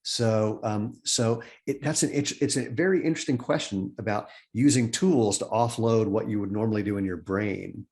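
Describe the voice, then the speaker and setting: A man's voice: fairly low pitch, moderate pace, few pauses, a little mellow. An older man, a company founder and podcast guest, chatting casually over a video call and telling rambling stories. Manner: rambling, acts out quoted voices in anecdotes. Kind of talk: casual storytelling conversation.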